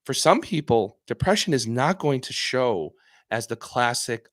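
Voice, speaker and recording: A man's voice: medium pitch, animated, a little slow, fairly bright tone, dry recording, studio quality. Earnest man hosting a live stream. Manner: earnest, emphatic, repeats and restarts phrases; acts out patient voices in quotes. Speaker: psychiatrist host answering viewer questions. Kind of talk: casual live-stream talk.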